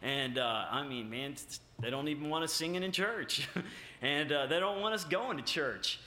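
Male preacher, halting and emphatic, bright tone, roomy church sound. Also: on the high side, animated. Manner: halting, many filler sounds and restarts; emphatic, rising on key points. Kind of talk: sermon with scripture reading. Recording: echoey room.

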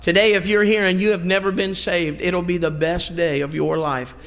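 Folksy preacher man, gravelly. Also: high voice, steady tone, normal speed, fairly bright tone, big-room sound. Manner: folksy, emphatic preaching with homey asides. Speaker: pastor. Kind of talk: sermon. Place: church sanctuary.

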